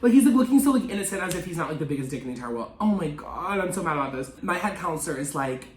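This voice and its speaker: Speaking very fast with a fairly bright tone, this young man tells a story in casual vlog style. He's dramatic, swears a lot, and acts out quotes in high voices; the recording has an echoey room and faint music.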